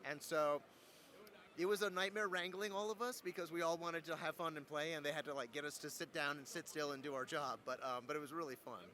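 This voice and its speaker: A man's voice: a little high, fairly quick, slight background noise. A young adult man, a voice actor, telling stories in a casual interview, playful and joking. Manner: playful, joking, animated storyteller. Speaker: voice actor guest.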